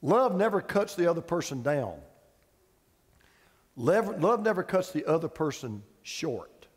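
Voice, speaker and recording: A man's voice: fairly high pitch, sing-song, a little slow, big-room sound. A male pastor preaching a sermon, conversational and emphatic, asking the congregation repeated questions. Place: church sanctuary with audience.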